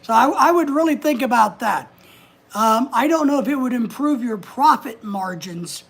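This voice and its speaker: A woman's voice: a little high, animated, moderate pace, slightly rough. A woman hosting a casual livestream from home, chatting, giving advice and reading out viewer comments. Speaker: livestream host.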